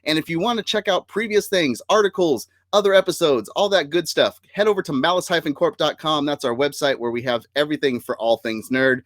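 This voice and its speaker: A man's voice: a little high, a little fast, few pauses, fairly bright tone, no echo. A man hosting a casual live-streamed nerd podcast, upbeat and chatty, laughing often and using fillers. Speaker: podcast host.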